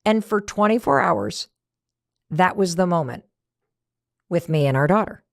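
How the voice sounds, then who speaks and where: A woman's voice: lowish voice, lively intonation, a little slow, gravelly, dry recording, clean studio sound. A middle-aged woman hosting a motivational podcast, talking in a conversational way and acting out the lines she quotes. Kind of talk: motivational talk.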